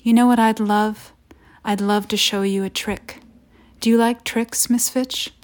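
A woman reading aloud as sinister, teasing mysterious men, in a soft and hushed voice. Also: fairly high pitch, fairly even intonation, measured pace, natural voice. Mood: sly, hushed.

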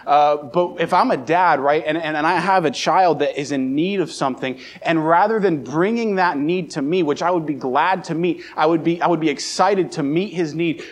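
A young adult man from the Baltimore area preaching a sermon, telling a personal story and acting out the scenes with a raised voice. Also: fairly high pitch. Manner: animated, acts out scenes with raised voice. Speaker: pastor. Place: church sanctuary.

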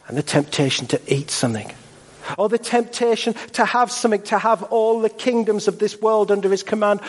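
Male pastor, high voice, emphatic sermon cadence, long hall reverb. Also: darkish tone. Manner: measured, emphatic, rhetorical repetition.

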